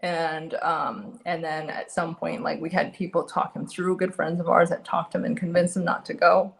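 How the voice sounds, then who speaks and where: A middle-aged woman giving a candid personal testimony as an interview guest, earnest and halting with frequent restarts. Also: fairly low pitch, little pitch movement, gravelly.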